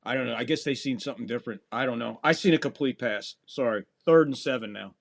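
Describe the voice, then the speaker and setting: A man's voice: mid-range voice, fast talker, creaky. A man doing casual live football play-by-play on a podcast stream, calling plays and ranting with frequent swearing. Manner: profane, exasperated rants between play calls. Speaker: podcast host doing live game commentary. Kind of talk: casual live sports commentary.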